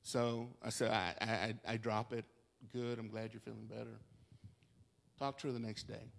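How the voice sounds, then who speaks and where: A man preaching a sermon, telling a story and quoting both sides of a talk, dropping low and soft, then rising loud and urgent. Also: little pitch movement, moderate pace, creaky, slight background noise.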